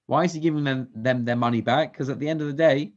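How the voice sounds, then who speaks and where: A man with a medium-pitched voice talks fast as he leads a Torah study class in a synagogue, quizzing the group and mixing Hebrew verses into his English. The recording is dull and lo-fi.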